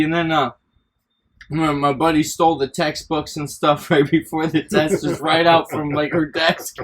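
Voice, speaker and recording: A man casually telling stories from his school days, rambling and profane, often breaking into laughter. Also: fairly high pitch. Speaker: podcast host. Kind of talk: casual storytelling chat.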